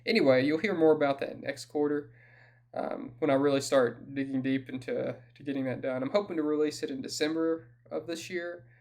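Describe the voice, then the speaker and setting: Gravelly southern man with dry humor. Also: a little high, steady tone, brisk, darkish tone. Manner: dry self-deprecating humor. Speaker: author giving a quarterly update. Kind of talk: casual solo update.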